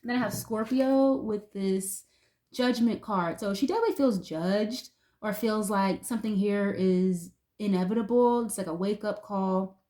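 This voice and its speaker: A woman talks through a tarot spread in a relaxed, conversational way, her voice sitting at an ordinary middle pitch. She rambles a little, fills gaps with "like" and "um," and lets a curse word slip now and then. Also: moderate pace. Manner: chatty and loose, heavy use of "like", occasional swearing. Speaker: tarot reader. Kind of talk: casual intuitive tarot reading to viewers.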